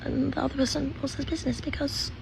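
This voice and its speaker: A woman with a put-on British accent, rambling haltingly in a played-back social media clip, full of ums and likes. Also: sits high, level tone. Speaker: celebrity in a played video clip. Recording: played-back clip with clear background noise.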